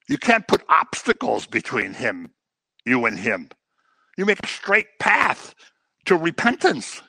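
A middle-aged man preaching a sermon, lively and dramatic, slipping into the voices of the people he describes. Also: a little high, takes it slowly, gravelly, slightly rough, dry recording. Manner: animated, acts out voices of people he quotes. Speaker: pastor.

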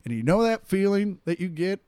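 Comedian guy telling a story, does all the voices, kinda high voice, dry close sound. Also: fairly quick, smooth, dry recording. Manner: animated storyteller acting out quotes. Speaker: comedian and podcast co-host. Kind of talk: casual storytelling chat.

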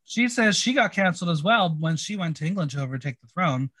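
A man co-hosting a podcast, chatting casually and reading out answers with wry, quick reactions. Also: sits high, animated, fairly bright tone, dry recording. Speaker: podcast co-host. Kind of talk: casual recap chat.

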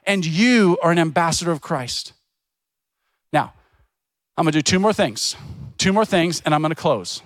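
A man's voice: on the high side, expressive, moderate pace, long pauses, no echo. A middle-aged man preaching a sermon as a pastor, telling stories in a conversational way and acting out the voices of people he quotes. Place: church.

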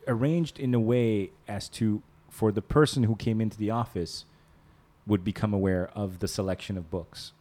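A man's voice: fairly low pitch, moderate pace, warm tone. A man chatting casually on a podcast, telling rambling stories, laughing often and mimicking people. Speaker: podcast host. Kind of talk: casual chat.

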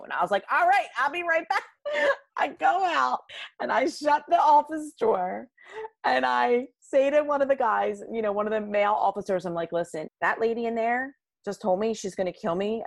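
A woman's voice: medium pitch, creaky, no echo. A middle-aged woman in an interview, telling stories from her old job and acting out the dialogue with lots of "like". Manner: animated storyteller, acts out quoted dialogue, uses "like" a lot. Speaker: interview guest, former probation officer. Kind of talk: storytelling interview answers.

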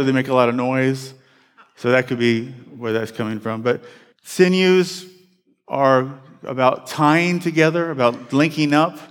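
A man preaching a sermon to his congregation in a conversational, animated way, often restarting phrases and putting questions to the room. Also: mid-range voice. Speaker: pastor. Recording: long hall reverb.

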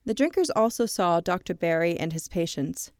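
Woman podcast co-host, lowish voice, steady story read, dry close mic. Casual asides between passages. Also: normal speed, no echo. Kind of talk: reading a true story aloud in a casual podcast.

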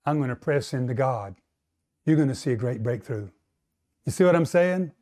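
A man preaching a sermon who asks his listeners for responses, acts out quoted voices, and slows down, climbing higher and louder to stress a point. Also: expressive. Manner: rising to a higher, louder pitch to stress points, slowing on key lines. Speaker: pastor.

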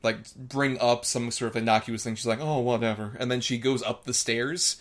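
A man's voice: medium pitch, level tone, normal speed, a bit bright. A man co-hosting a casual film podcast, talking thoughtfully and analytically with plenty of filler words. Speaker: podcast co-host.

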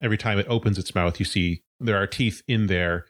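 A man's voice: lowish voice, brisk, fairly bright tone. A man narrating as game master of a tabletop role-playing game, describing scenes in a loose, searching way with plenty of fillers.

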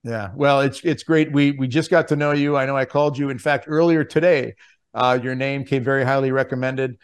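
A man's voice: medium pitch, fairly even intonation, a little fast, smooth. A man hosting a podcast who talks in an earnest, enthusiastic way with many restarts. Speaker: podcast host.

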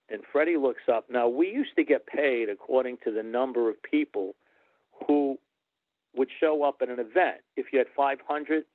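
Animated man telling stories over phone. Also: medium pitch, no room sound. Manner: animated, quotes others in character. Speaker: guest storyteller, former wrestling referee. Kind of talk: anecdotal interview storytelling. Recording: tinny phone-like line, dry.

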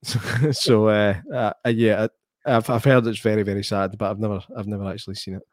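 A man's voice: lowish voice, flat delivery, darkish tone, no echo, clean studio sound. A Scottish man co-hosting a casual podcast, talking earnestly about films with lots of stops and restarts. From Scotland. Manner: halting, many restarts, earnest. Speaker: podcast co-host. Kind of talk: casual chat.

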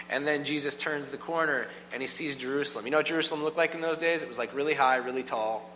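A man's voice: a little high, fast, hardly any pauses, bright, forceful tone. A man preaching a sermon in a church, talking casually and asking the congregation questions. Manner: conversational, asks the congregation questions. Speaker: pastor. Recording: long reverb, faint hum.

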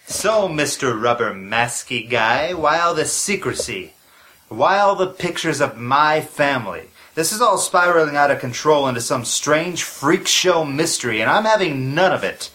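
A man as a bright-voiced sarcastic grump. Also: on the high side, normal speed. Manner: sarcastic, deadpan. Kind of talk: comedy audio drama.

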